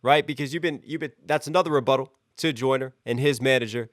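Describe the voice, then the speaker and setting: An energetic man talks through a rap track, stopping to unpack each line with lively commentary. His voice sits at an ordinary middle pitch. The sound is close and dry, with no room around it. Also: quick pace, dry recording. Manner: energetic, breaks down lyrics line by line. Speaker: reaction channel host. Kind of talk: music reaction commentary.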